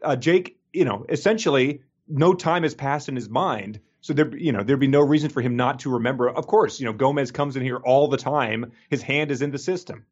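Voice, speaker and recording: A male podcast co-host chats casually while reviewing a book, using lots of fillers and restarts and laughing often. His medium-pitched voice is brisk with hardly any pauses, a little mellow and husky, and the highs sound cut off.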